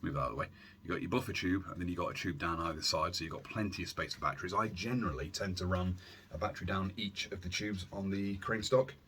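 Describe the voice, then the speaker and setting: A man hosting a casual airsoft gear vlog from his warm room at home, rambling along with self-deprecating asides and filler words. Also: low voice, quick pace, noisy background. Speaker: airsoft YouTube channel host. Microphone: camera on a stand.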